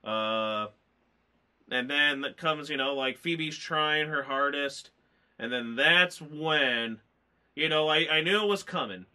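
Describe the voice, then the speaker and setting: Bright-voiced rambling emotional man. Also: on the high side, slow pace. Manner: rambling, emotional, lots of fillers. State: tearful, choked up. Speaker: movie reviewer. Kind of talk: casual chat.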